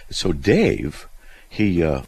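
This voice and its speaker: A deep, gravelly male radio host, telling stories with big swings in pitch. His voice is husky and a little rough, and he keeps restarting his sentences in a chatty, animated way. This is a casual call-in show. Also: very slow, rough recording. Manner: animated storytelling with restarts, lively and amused.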